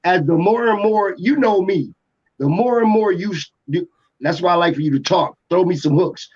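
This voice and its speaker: Atlanta producer dude rambling on a podcast, kinda husky, slightly high voice, lots of "like". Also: male voice, moderate pace, a little mellow. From Atlanta, USA. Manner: rambling, full of restarts and "like". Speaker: music producer, guest. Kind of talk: casual storytelling interview. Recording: dull lo-fi podcast audio.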